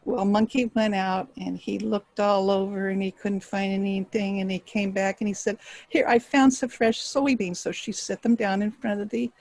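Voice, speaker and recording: A woman storyteller telling a folktale aloud, expressive and dropping to hushed tones for suspense. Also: medium pitch, normal speed, vocal fry, hardly any pauses, no room sound, poor audio. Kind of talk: live oral storytelling.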